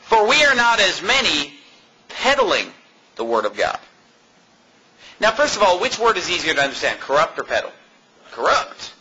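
American man preaching, high lively voice, mocking, laughing, bright tone. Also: normal speed, long pauses, husky, muffled recording. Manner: animated, mocking, laughs often. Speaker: pastor. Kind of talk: sermon.

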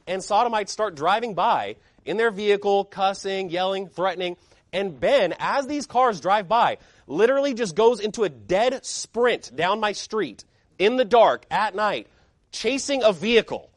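Male pastor, high-pitched, punchy rhetorical sermon delivery, dry close sound. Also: lively intonation, normal speed, no room sound. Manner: emphatic, fiery preaching with rhetorical questions.

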